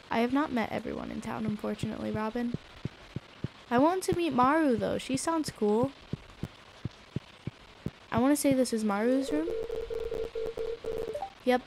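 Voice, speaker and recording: A woman live-streaming a game, chatting away and giggling at whatever pops up on screen. Her voice sits fairly high and stays chatty and reactive. A faint hiss of noise runs behind her. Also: normal speed, gravelly, pauses often. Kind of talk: casual gameplay streaming.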